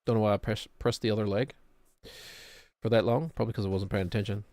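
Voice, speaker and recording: A man's voice: fairly low pitch, fairly even intonation, fast, a little mellow, dry recording, clean studio sound. Rambling New streamer man. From New Zealand. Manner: rambling, musing, self-deprecating. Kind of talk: casual gameplay chat.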